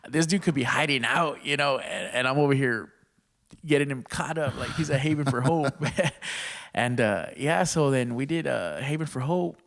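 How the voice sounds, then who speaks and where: A man's voice: medium pitch, normal speed, gravelly. A man from Texas, a stand-up comedian, telling stories casually on a podcast in profane slang and laughing often.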